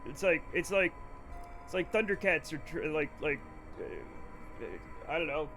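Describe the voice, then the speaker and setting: High-voiced animated male streamer. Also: moderate pace, faint music behind. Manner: animated, answers chat, swears freely, mock-angry rants. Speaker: live streamer playing a space flight game. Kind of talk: casual live-stream commentary.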